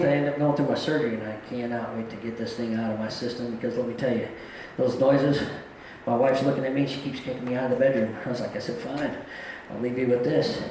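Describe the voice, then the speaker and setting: A man's voice: fairly high pitch, very echoey, a little hiss or hum, low-quality recording. A middle-aged man doing a live stand-up set on a comedy club stage, telling stories in a plain-spoken, folksy way.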